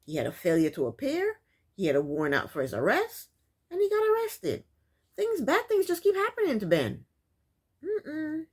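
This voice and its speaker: A woman's voice: sits high, wildly swooping pitch, moderate pace. A woman casually recapping a reality show, chatty and sassy, often breaking into laughs.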